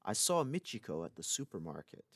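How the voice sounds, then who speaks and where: A man giving a recorded language lesson, explaining clearly with occasional casual asides. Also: low voice, big pitch swings, fairly quick. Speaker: language teacher.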